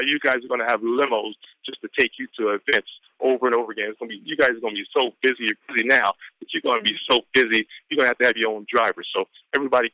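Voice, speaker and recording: A man's voice: mid-range voice, no echo. A man giving an exuberant, repetitive motivational pep talk on a business conference call, whooping often. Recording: tinny phone line.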